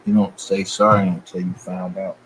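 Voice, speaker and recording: A man with a deep, low voice rants to his viewers in a loose, profane, confrontational way. A faint hiss of background noise sits under his talk. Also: little pitch movement, moderate pace, a bit bright, rough recording. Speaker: channel host. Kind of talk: casual rant to viewers.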